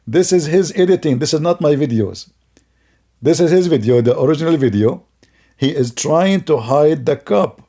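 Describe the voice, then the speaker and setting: A man's voice: fairly high pitch, warm tone. A man giving sarcastic, scornful commentary on a video, laughing often as he mocks it.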